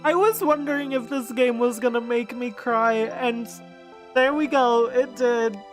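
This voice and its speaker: High-voiced young woman streamer, excitable, swears a lot, faint music behind. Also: a little slow. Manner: excitable, swears, laughs often. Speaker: streamer playing a game. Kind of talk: casual let's-play commentary.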